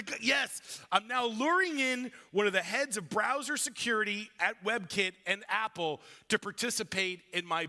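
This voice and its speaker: A man's voice: sits high, pushed and bright. A man giving a conference talk, telling a story in a playful way and acting out other people's lines. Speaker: conference speaker. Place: conference stage.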